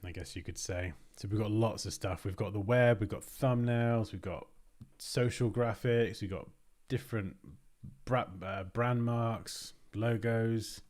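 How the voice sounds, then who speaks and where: A man's voice: fairly low pitch, steady tone, measured pace, darkish tone. A British man hosting a design livestream, chatting casually and thinking aloud as he works. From Britain. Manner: rambling, thinks aloud, restarts phrases.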